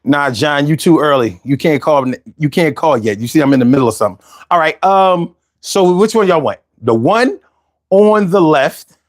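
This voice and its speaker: Animated slangy man hosting a livestream. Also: fairly high pitch, moderate pace, dry recording, clean studio sound. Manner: animated, slangy, banters with viewers. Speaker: livestream host. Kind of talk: casual livestream chat reading comments.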